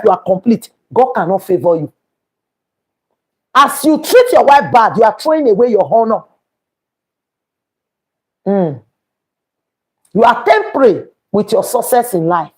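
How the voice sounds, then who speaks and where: On her live stream, a woman with a Nigerian accent talks in a preachy, emphatic way, citing scripture and restating her points. Her voice is fairly high with a breathy edge.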